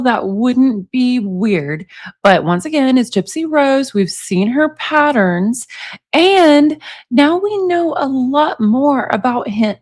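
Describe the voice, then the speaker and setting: A woman's voice: sits high, no room sound, clean studio sound. Woman chatting about a true-crime book. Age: 40s. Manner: chatty, asks viewers for opinions. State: allergies. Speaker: commentary channel host. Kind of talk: casual true-crime commentary, reading book excerpts.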